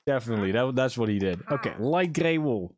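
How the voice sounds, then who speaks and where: Young male streamer, chatty and jokey, swears freely, very animated pitch. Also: a little fast. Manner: chatty, profane, jokey self-talk to viewers. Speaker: livestreamer. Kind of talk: casual gaming livestream chat.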